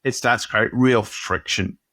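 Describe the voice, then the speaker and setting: Guy cohosting a business podcast, lowish voice, animated and chatty, keeps restarting, dry sound. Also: measured pace, no room sound. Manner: animated, self-interrupting storyteller. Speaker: podcast co-host. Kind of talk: casual business podcast chat. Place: home office on a video call.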